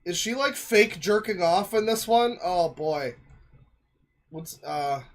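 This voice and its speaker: A man's voice: high-pitched, animated, slow pace. A male streamer giving casual, rambling reaction commentary full of jokes and fillers. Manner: rambling, joking, many fillers.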